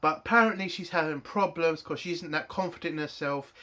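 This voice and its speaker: Sharp-voiced man ranting in a review. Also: a little high, brisk. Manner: angry, profane ranting. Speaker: TV episode reviewer. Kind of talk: spoken TV review.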